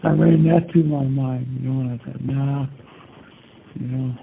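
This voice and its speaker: Speaking from prison over a tinny phone line, an older interviewee meanders through memories, constantly dropping "you know" and swearing. His gravelly, mid-range voice is fairly even in intonation and fairly quick. There's slight background noise.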